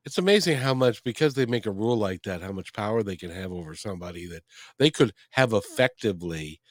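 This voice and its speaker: A man hosting an interview, asking halting questions with many fillers. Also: on the low side, expressive, no echo, clean studio sound. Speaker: interviewer host. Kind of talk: casual interview.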